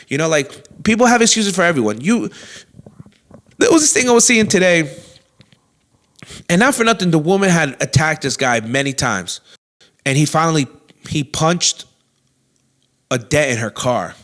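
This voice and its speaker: A young adult man and comedy show host, telling a story in a loud, animated way with constant swearing and acted-out quotes. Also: fairly high pitch, moderate pace, pauses often.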